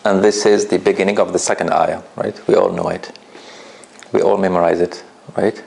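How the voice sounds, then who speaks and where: A man with a low, creaky voice teaches a recitation class at a moderate pace in a relaxed, conversational style. During the classroom lesson he often checks understanding with "right?" and questions his students directly.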